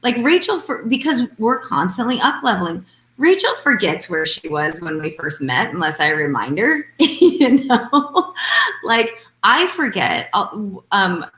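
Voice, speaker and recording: A woman's voice: mid-range voice, lively intonation, measured pace, a bit bright, roomy sound. A woman coach chatting casually on a live video call, rambling and acting out quoted exchanges. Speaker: intuitive life coach.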